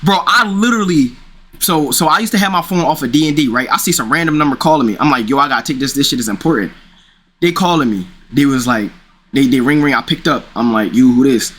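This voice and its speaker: A man's voice: mid-range voice, expressive, quick pace, a bit bright. A young man casually telling a rambling personal story, full of slang and restarts. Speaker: streamer.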